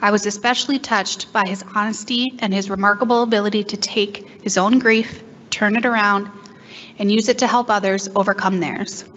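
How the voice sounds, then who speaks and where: A woman reading a written introduction aloud at a conference, steady and careful. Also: mid-range voice, moderate pace, highs cut off, slight background noise. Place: conference hall.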